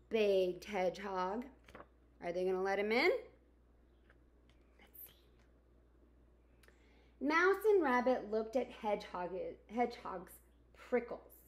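A woman teacher reading a picture book aloud to young children, expressive and asking her listeners questions. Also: mid-range voice, takes it slowly, pauses often. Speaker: kindergarten teacher. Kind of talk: storybook read-aloud for children.

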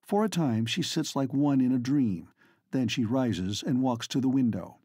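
Husky-voiced male audiobook narrator. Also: mid-range voice, expressive, mellow, no room sound, clean studio sound. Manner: measured, formal reading. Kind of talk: scripted narration.

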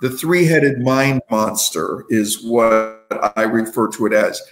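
A man's voice: medium pitch, slow pace. Man giving a motivational talk, roomy sound. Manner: checks in with listeners, tells stories. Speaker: guest, inspirational speaker. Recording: roomy echo.

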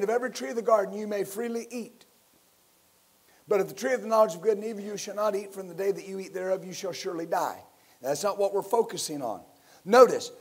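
Husky high-voiced preaching man. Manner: preaching with call-and-response; rising to loud emphatic bursts. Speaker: pastor. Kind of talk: sermon.

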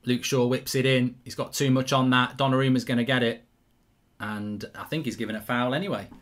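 An English man hosting a live football watchalong, reacting excitably and swearing freely at the match. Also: mid-range voice, brisk. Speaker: YouTube football host.

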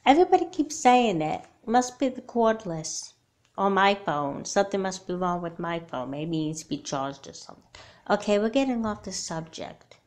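A woman's voice: mid-range voice, expressive, moderate pace, darkish tone, close to an everyday voice. A woman voicing a wary, earnest young girl doll in a homemade doll movie, who speaks bluntly.

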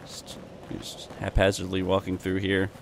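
A man's voice: low-pitched, monotone, unhurried, vocal fry, background noise. A young man giving wry, chatty commentary over a game he is playing, talking back to the characters on screen. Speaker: gameplay commentator. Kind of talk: let's play commentary.

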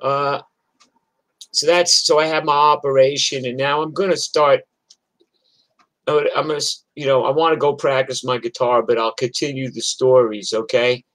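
A man's voice: medium pitch, flat delivery, moderate pace, fairly bright tone, poor audio. An older man from New York telling a personal story in a casual, rambling, profane way, with many restarts.

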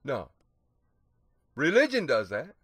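On the radio, a man teaches the Bible in a medium-pitched, fairly bright voice with a breathy edge and huge swings in pitch. He reads the old scripture wording aloud slowly and with emphasis, breaking in with hallelujahs and rhetorical "see?" questions. The recording is dry and of studio quality.

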